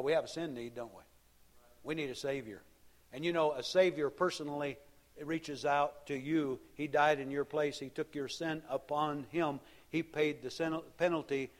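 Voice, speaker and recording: Man, pastor, sermon, slightly high voice, conversational, rhetorical questions.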